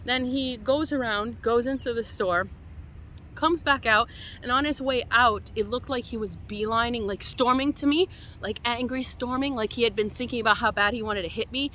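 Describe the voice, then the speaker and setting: A young woman from Quebec recounting a tense encounter in a vlog, animated and exasperated in tone. Her voice sits high and sounds bright and sharp. A faint hum of noise runs underneath. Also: normal speed. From Quebec, Canada. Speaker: van-life vlogger. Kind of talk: storytelling to camera.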